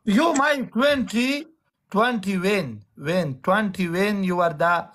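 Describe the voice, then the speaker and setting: A man with a Pashto accent, a native Pashto speaker, chatting on a live stream in halting, broken English and slipping into rapid Pashto. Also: high voice, a bit bright. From Afghanistan or Pakistan Pashto region.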